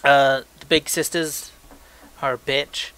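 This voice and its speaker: A young man reads listener emails aloud on a casual podcast, joking and stumbling as he goes. His voice is bright and forward. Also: mid-range voice, flat delivery, takes it slowly, clear, resonant tone. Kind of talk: casual chat.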